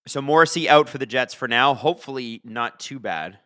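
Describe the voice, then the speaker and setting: A man hosting a live hockey watch-along, chatting and reacting loudly to plays. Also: mid-range voice, fairly quick, no echo, clean studio sound.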